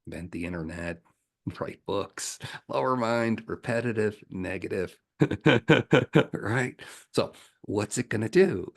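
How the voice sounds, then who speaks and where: A spiritual coach answering questions from viewers, he tells stories in an animated way and laughs often. His voice is low and gravelly, with a husky, rough grain. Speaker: ascension coach. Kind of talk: spiritual teaching Q&A.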